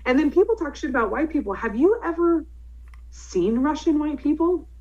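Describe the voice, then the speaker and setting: A woman's voice: high-pitched, lively intonation, normal speed, darkish tone. Woman, young, casual chat, profane, laughs a lot, slightly muffled recording. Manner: profane, laughing often, rambling.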